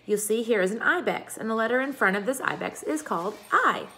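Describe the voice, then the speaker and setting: A woman doing a brisk schoolteacher. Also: fairly high pitch, animated, sharp tone, pitched above the performer's own voice. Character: patient but exasperated female schoolteacher.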